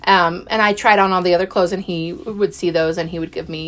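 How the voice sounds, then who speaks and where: A middle-aged woman telling a personal story in a chatty, animated way, full of fillers and acted-out quotes. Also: lowish voice, normal speed, few pauses. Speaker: podcast guest.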